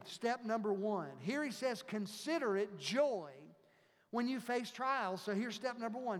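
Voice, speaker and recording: A pastor preaching a sermon, emphatic and repetitive, reading scripture and leading a prayer. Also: male voice, high-pitched, animated, measured pace. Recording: long hall reverb.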